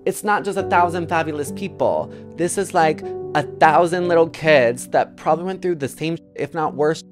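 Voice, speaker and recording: A woman's voice: low voice, normal speed, over music. A woman from Wisconsin telling a painful personal story in an interview, casual with many fillers, fighting back tears. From Wisconsin, United States.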